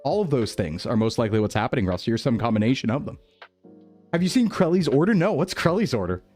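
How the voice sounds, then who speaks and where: A man's voice: medium pitch, sing-song, fast, a little mellow, faint music behind. A man streaming, chatting casually with his viewers and laughing often. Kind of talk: casual chat reading chat.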